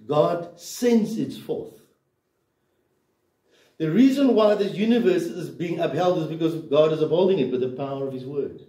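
A man's voice: fairly high pitch, animated, normal speed, warm tone. Emphatic preacher man, echoey and distant. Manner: emphatic preaching with rhetorical questions. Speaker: pastor. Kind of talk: sermon. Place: church hall.

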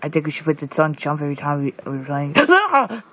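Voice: medium pitch, big pitch swings, brisk, pushed and bright. A gamer giving casual let's-play commentary, jumpy and shrieking at monsters while muttering asides in between. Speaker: gameplay commentator.

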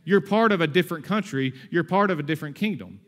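A man in his thirties preaching a sermon in a conversational, energetic way, with asides and humor. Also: on the high side, quick pace. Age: 30s. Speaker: pastor.

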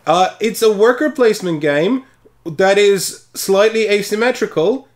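A man's voice: high-pitched, measured pace. A man co-hosting a board game podcast, explaining games in casual chat. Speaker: podcast co-host.

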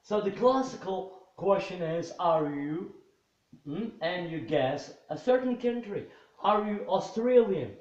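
A man's voice: sits high, lively intonation, a little slow, a little mellow. A man teaching an English lesson, repeating phrases patiently and switching to Arabic to translate. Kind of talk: bilingual classroom lesson. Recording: roomy, slightly dull recording.

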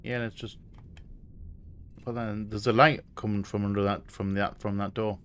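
A man's voice: fairly low pitch, flat delivery, moderate pace, fairly bright tone, smooth. A man giving let's play commentary on a horror game: he reads notes aloud, jokes nervously, jumps at scares and swears often. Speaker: streamer playing a horror game.

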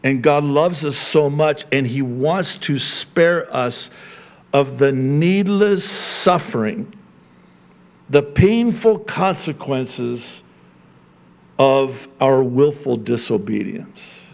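Animated preaching pastor, slow delivery. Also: male voice, vocal fry. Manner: animated preaching, rising high and loud for emphasis then dropping low and quiet; conversational, chuckling asides to the congregation. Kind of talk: sermon.

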